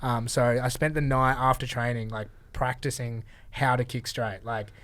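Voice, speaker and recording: A man's voice: mid-range voice, normal speed. An Australian man, a podcast guest, telling stories in casual chat with frequent laughs. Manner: animated storyteller, laughs often.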